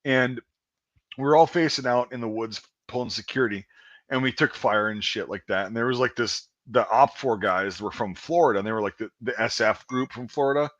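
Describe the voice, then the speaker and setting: A man in his thirties casually telling profane army stories in an animated way, often breaking into shouted impressions. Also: medium pitch, fairly quick, no room sound, dull audio. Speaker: podcast host and army veteran. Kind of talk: casual storytelling chat.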